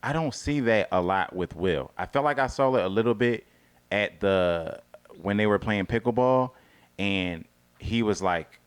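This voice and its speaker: A man co-hosting a casual TV review chat, talking loosely with restarts and drifting into a quiet murmur. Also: unhurried, clean tone. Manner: conversational, restarts and trails off in a low murmur. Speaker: co-host of a reality TV review show.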